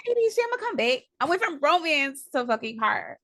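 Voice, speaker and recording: Animated, profane woman telling stories. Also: sits high, fast talker. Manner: animated, profane, rambling with restarts and acted-out quotes. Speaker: comic book writer guest. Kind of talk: excited casual storytelling.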